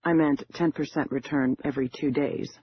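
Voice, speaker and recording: A man voicing a confident female con artist who speaks smoothly and self-assured. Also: fairly high pitch, steady tone, moderate pace, lo-fi sound, slight background noise, close to an everyday voice. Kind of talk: audiobook character voice.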